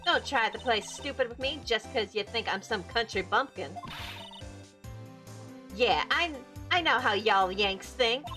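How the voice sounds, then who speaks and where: A woman voicing a loud, brash country woman in a put-on American Southern drawl, scolding and drawling, with music underneath. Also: on the high side, animated, a little slow.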